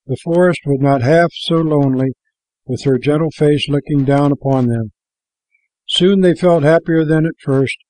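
A man's voice: a little high, mellow, no room sound, rough recording. Man reading a storybook aloud, dry sound.

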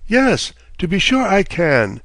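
A man's voice: on the high side, animated, moderate pace, no room sound, close to an everyday voice. Brief: outspoken old storybook dame, read by a man, plain dry recording. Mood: bold. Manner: bold, outspoken. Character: bold, indignant old village dame.

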